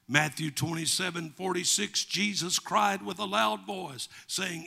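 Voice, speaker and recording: A man's voice: high voice, steady tone, measured pace, vocal fry, hardly any pauses, pushed and bright. A male pastor with a Southern American accent, preaching a sermon and reading scripture with a rising preacher's cadence. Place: church.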